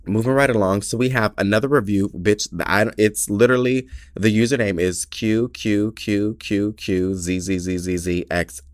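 A man's voice: on the low side, steady tone, normal speed, hardly any pauses, dry recording, clean studio sound. Chatty, profane podcast host man. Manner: chatty, candid and profane, self-mocking. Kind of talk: casual chat. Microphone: small podcast mic.

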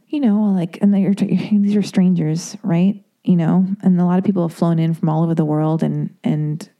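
A woman with a lowish, dark-toned voice tells a candid personal story. She rambles in a confessional way, leaning heavily on "like" and "you know."

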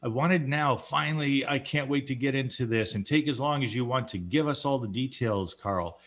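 A man's voice: medium pitch, normal speed, fairly bright tone, slight background noise. A man hosting an interview, enthusiastic and joking as he praises a book and moves on to the next question. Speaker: host.

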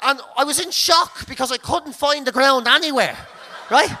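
An Irish man hosting a podcast, telling a comic story in a sweary, laughing, animated way. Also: very high-pitched, moderate pace, slight background noise. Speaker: comedian podcast host.

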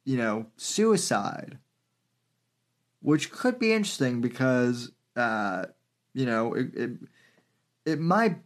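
A male podcast host gives political commentary. He talks slowly and haltingly, with many fillers between his phrases. His voice sits in an ordinary middle range. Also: medium pitch, big pitch swings.

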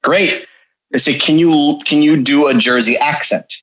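A man's voice: a little high, unhurried, a bit bright, lo-fi sound. A man telling stories as a podcast guest, rambling and self-deprecating. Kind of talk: casual storytelling.

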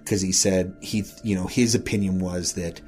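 Low-voiced man telling a ghost story. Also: fairly even intonation, moderate pace, darkish tone, faint music behind. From Wyoming, US. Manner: earnest, retelling secondhand accounts step by step. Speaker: podcast host and guest storyteller.

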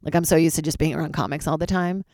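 A woman in her thirties, a comedian, chatting alone from her closet, candid and swearing, sounding tired and jumping into high squeaky voices for her own reactions. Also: fairly even intonation, quick pace, darkish tone, no echo, studio quality. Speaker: comedian podcast host. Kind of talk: casual solo chat.

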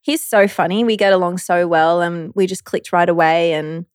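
A woman's voice: on the low side, steady tone, moderate pace, dry recording, studio quality. A young woman co-hosting a casual chat, playful and easygoing, laughing often. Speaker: podcast co-host.

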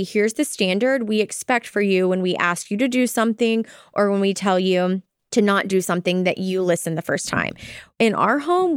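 A young adult woman co-hosting a casual parenting podcast, lively and acting out what she tells her kids. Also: mid-range voice, clean tone, no room sound, studio quality. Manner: animated, acts out quoted talk with her kids. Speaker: podcast co-host. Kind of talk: casual chat.

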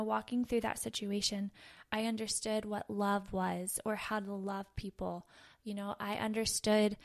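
A woman in her thirties giving a casual, earnest devotional talk with many fillers. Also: mid-range voice. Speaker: podcast host. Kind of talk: conversational devotional teaching.

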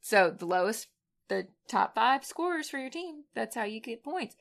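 A woman's voice: on the high side, sing-song, normal speed, creaky. A woman co-hosting a casual sports chat, playful and laughing often. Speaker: podcast co-host.

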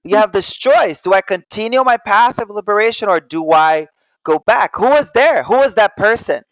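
A man's voice: high voice, animated, moderate pace, a bit bright, dry recording. A man in a casual podcast chat who eagerly jumps in and swears casually. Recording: dull lo-fi, dry.

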